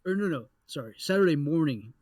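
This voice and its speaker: A young adult man co-hosting a podcast, telling a story in a casual, animated way with lots of swearing. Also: on the high side, fairly quick, a crowd in the background. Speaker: podcast co-host.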